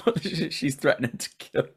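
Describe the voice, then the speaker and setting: A man's voice: fairly high pitch, fairly bright tone, breathy edge. A man hosting a casual podcast recap, chatty, laughing often and swearing casually. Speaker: podcast host.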